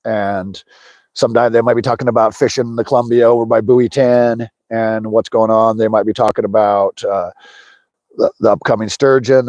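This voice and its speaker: Here the same kind of host speaks in a mid-range, darkish voice without echo: a middle-aged American running a relaxed fishing stream from a snowy lakeshore. He wanders from topic to topic, answers his chat, and laughs frequently.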